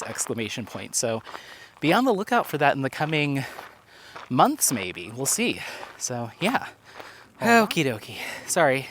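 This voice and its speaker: A man's voice: a little high, sing-song, moderate pace, a bit bright. Guy talking into his phone on a walk, kinda winded, rambly, light outdoor hiss behind. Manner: chatty, rambling, filler-heavy. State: out of breath. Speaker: vlogger. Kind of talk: casual chat while walking.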